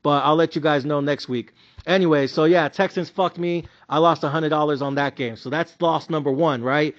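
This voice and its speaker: A young man with a Mexican-American accent rants about his sports bets, swearing constantly and raising his voice to yells. His voice sits high for a man. The recording is dull and lo-fi. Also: moderate pace. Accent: Mexican-American English with Spanish interjections. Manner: profane, animated ranting, yells at times. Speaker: sports betting vlogger. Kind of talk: casual ranting commentary.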